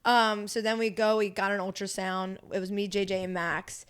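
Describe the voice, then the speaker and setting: Animated young woman with a smooth voice. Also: mid-range voice, normal speed. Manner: animated storyteller, acts out quotes, swears freely. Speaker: podcast guest, grappler. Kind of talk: casual podcast chat.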